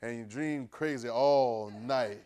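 A man preaching to a class in a loose, conversational way, often asking "right?" as he goes. He drops to a low murmur and then breaks into sudden loud bursts. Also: takes it slowly, clean tone. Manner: call-and-response, keeps asking "right?". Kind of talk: conversational sermon.

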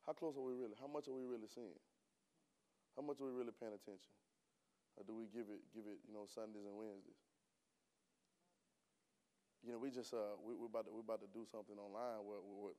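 Man preaching with loud rhetorical bursts. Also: fairly low pitch. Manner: conversational, rising to loud emphatic bursts; colloquial, rhetorical questions to the congregation. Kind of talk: sermon. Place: church.

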